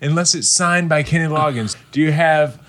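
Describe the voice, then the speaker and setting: A man playing a comedic tabletop game, enthusiastic and goofy, quick to laugh. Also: on the high side, fairly bright tone. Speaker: player.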